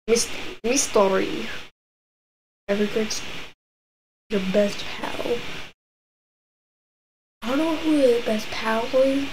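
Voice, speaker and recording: A woman's voice: fairly high pitch, background noise. A woman streamer giving casual commentary while playing a game at home, reacting and exclaiming to herself as she goes. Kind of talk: casual let's-play commentary. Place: home room at a desk.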